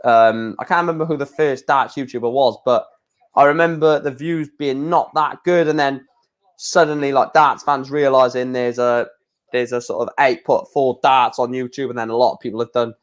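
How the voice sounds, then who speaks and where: A man's voice: medium pitch, steady tone, normal speed. A young man hosting a casual live stream, chatting in a rambling way and often correcting himself.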